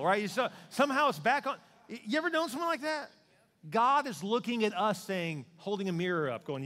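Pastor, male, high-ish voice, lively preaching style, acts out voices, long hall reverb. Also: fast. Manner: animated preaching, acting out voices of God and people praying. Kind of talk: sermon.

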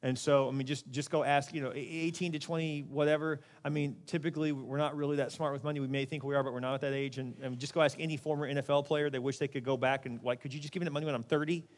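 Animated preacher in a reverberant hall. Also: male voice, a little high, fast talker, few pauses. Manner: animated, conversational preaching with acted-out quotes. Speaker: pastor. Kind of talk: sermon.

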